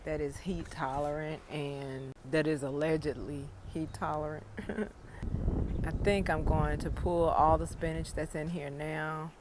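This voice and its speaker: A middle-aged woman with a low-sitting voice chats casually outdoors in her home garden as a gardening vlogger. She's frank and joking, telling stories with salty, profane language, and there's background noise.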